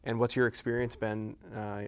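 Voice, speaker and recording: A man's voice: on the low side, flat delivery, normal speed, smooth. A man interviewing a guest, asking questions and giving short encouragements. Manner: brief encouraging backchannels.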